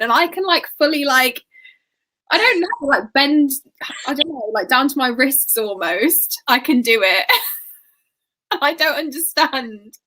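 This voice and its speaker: High, bright-voiced giggling woman. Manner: laughing, chatty, self-mocking. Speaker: guest fellow book channel host. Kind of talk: casual livestream chat.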